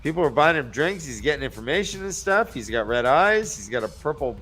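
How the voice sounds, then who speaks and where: A man's voice: fairly high pitch, big pitch swings, fairly quick, bright, forceful tone, soft background music. A man hosting a casual book discussion podcast, loosely recapping chapters with asides and some swearing. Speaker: podcast host.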